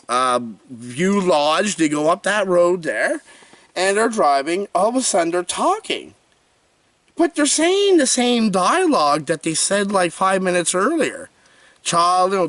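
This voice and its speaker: A man's voice: sits high, a bit bright, dry recording, recorded from a distance. A man reviewing a horror movie in a comedic vlog, theatrical and jokey, swinging between big cries and mutters.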